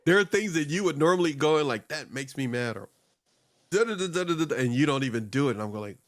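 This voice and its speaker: A middle-aged man hosting a casual talk show, rambling and animated, laughing often and acting out quotes in other voices. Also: fairly high pitch, quick pace, no echo, clean studio sound. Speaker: show host.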